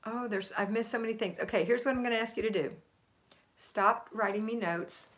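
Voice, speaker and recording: A woman's voice: on the high side, brisk, a bit bright. A woman hosting a homemaking livestream, giving upbeat, emphatic motivation in a chatty coaching tone and reading viewer comments aloud to answer them.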